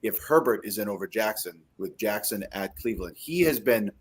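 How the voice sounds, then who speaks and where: A man co-hosting a casual fantasy football podcast, telling animated stories and acting out scenes. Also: on the low side, fairly quick, husky. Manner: animated storyteller, acts out scenes. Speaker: podcast co-host.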